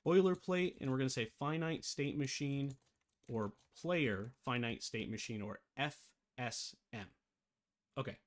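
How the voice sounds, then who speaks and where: A man's voice: mid-range voice, measured pace. A man giving a casual screen-share tutorial on game development, rambling, correcting himself and thinking aloud, with the hiccups.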